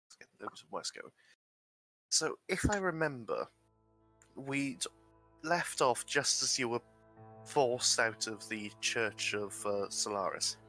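Guy gm on a video call, bright tense voice, jokey and stop-start. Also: mid-range voice, lively intonation, slow, pauses often, faint music behind, rough recording. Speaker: game master. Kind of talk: running an online tabletop game.

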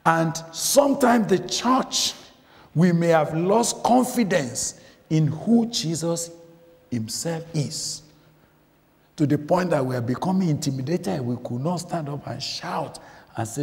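A male preacher delivers a sermon at an unhurried pace, his voice swinging widely in pitch with a gravelly edge. He presses his points by asking the congregation questions and repeating key phrases. The recording carries the long reverb of a church. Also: animated. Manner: emphatic, repeats phrases, asks the listeners questions. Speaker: guest preacher.

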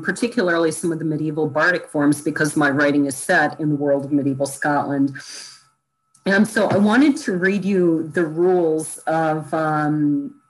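A woman's voice: deep voice, breathy edge, rough recording. A woman hosting a podcast, chatting casually and thinking aloud with lots of "you know"s. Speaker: podcast host. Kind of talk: casual interview chat.

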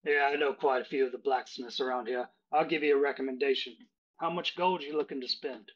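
A man voicing a gruff old male innkeeper in a tabletop game, blunt and streetwise, on a dull, lo-fi recording. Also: medium pitch, fairly even intonation, fairly quick, close to an everyday voice.

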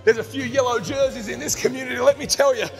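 A man's voice: extremely high pitch, fairly even intonation, quick pace. A young Australian man who works as a fitness instructor, coaching a follow-along workout with upbeat, encouraging cues and countdowns. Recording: long reverb, music behind.

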